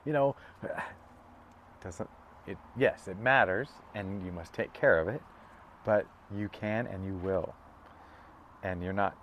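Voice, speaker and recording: A middle-aged man giving a casual, heartfelt tarot reading that wanders through stories, with many stops and restarts. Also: mid-range voice. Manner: rambling, emotional, with many restarts and self-interruptions. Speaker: tarot reader.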